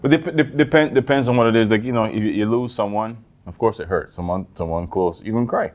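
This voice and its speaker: A man from the Caribbean co-hosting a casual comedy podcast, animated and jokey, with what he calls a velvety voice. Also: lowish voice, quick pace. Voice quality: calls his own voice velvety. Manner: animated, jokey, breaks into put-on voices and laughter. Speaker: podcast co-host.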